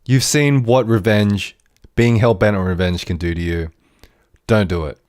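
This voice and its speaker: Brief: man playing a battle-worn warrior, low gruff voice, earnest, dry. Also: steady tone, moderate pace, a little mellow, dry recording, lightly acted. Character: gruff battle-scarred male warrior, protective.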